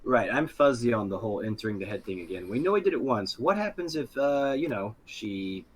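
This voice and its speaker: A man's voice: medium pitch, expressive, a little fast, a little hiss or hum. A man playing a tabletop game, wry and matter-of-fact. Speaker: player.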